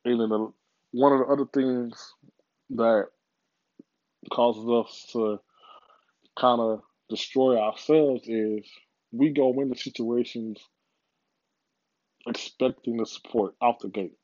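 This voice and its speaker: A man's voice: mid-range voice, fairly even intonation, takes it slowly, long pauses, darkish tone, no echo, highs cut off. A man giving a casual, rambling motivational monologue, profane and full of repeats.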